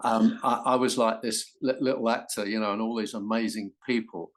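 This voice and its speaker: An older English actor telling stories in an interview, animated and full of restarts. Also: male voice, fairly low pitch, brisk. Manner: animated storytelling with many restarts. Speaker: actor guest. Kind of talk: anecdotal interview.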